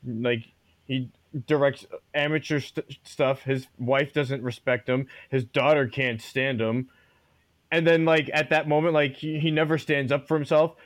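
A man's voice: medium pitch, fairly even intonation, measured pace, no room sound. A man co-hosting a podcast, eagerly laying out his take on a movie in casual chat. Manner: eager, lays points out step by step. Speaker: podcast co-host. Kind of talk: casual chat, film discussion.

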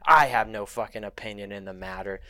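A man's voice: fairly low pitch, brisk, sharp tone, no echo, studio quality. A man, a podcast guest, heatedly retelling a story in casual, profane talk.

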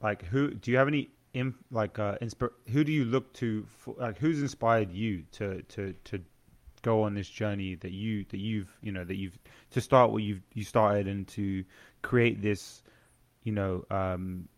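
A man hosting a casual podcast, asking questions in a halting way, often restarting and trailing off. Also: on the low side, fairly even intonation. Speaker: podcast host.

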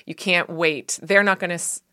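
A woman's voice: lowish voice, steady tone, normal speed, sharp tone. A woman co-hosting a casual ministry discussion, talking earnestly with many fillers and restarts. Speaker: podcast co-host.

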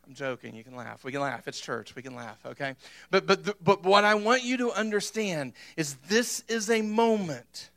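A male pastor delivering a sermon. His voice sits high and bright, and he drives each point home emphatically, tossing questions to the congregation. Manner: emphatic, punctuates points with "amen?".

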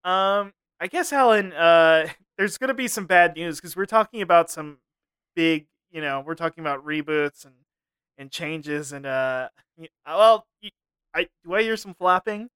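A man's voice: a little high, normal speed, fairly bright tone, clean tone, no room sound. A man co-hosting a comedy podcast, laughing often and ranting in mock seriousness. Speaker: podcast co-host. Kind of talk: casual comedy chat.

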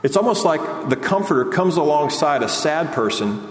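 A man preaches a sermon with earnest feeling. His voice climbs and speeds up as he grows fervent, then sinks low and soft on key lines. The sound is roomy with a long hall reverb and a faint hiss behind it. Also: expressive, normal speed. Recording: echoey hall, faint background noise.

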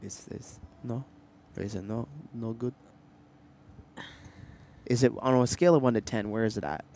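A young man co-hosting a casual podcast, telling animated stories and trying out silly accents. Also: mid-range voice, moderate pace, vocal fry, a little hiss or hum. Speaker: podcast co-host. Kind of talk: casual chat.

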